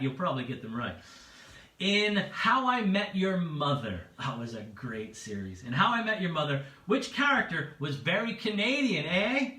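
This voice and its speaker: Lively bright-voiced male quiz host. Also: high voice, distant mic. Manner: chatty, repeats each question, laughs at own jokes. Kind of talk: livestreamed pub quiz hosting. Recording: echoey room, away from the mic.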